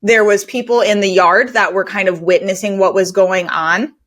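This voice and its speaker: A woman's voice: mid-range voice, fairly even intonation, moderate pace, fairly bright tone. A woman hosting a podcast for cleaning business owners. She talks in an earnest, conversational way and uses a lot of fillers. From United States. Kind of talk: candid storytelling podcast talk.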